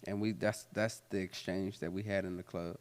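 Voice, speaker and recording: A man hosting a candid talk, telling personal stories full of swearing and laughter, then turning quiet and reflective. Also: sits low, fairly even intonation, moderate pace. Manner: profane, laughs often while telling stories; turns quiet and reflective when serious. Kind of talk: candid storytelling conversation. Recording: long hall reverb.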